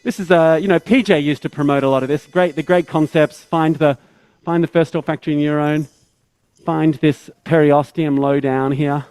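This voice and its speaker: Male surgeon narrating a live procedure, chatty step-by-step teacher, bright-ish pitch, dry sound. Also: fairly even intonation, normal speed, smooth, dry recording, poor audio. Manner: explains step by step, with tag questions and restarts. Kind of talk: live surgical teaching commentary.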